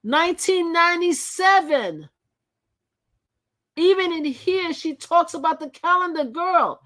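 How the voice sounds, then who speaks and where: A woman's voice: very high voice, lively intonation, unhurried, a bit bright. A woman hosting a live channel, reading articles aloud and commenting in a chatty way, often repeating and restarting her phrases. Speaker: channel host.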